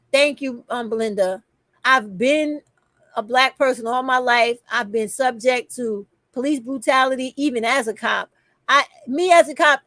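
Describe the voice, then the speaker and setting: A woman's voice: high voice, fairly bright tone, dry recording, clean studio sound. A middle-aged woman, hosting an impassioned livestream, emphatic and profane. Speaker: livestream host.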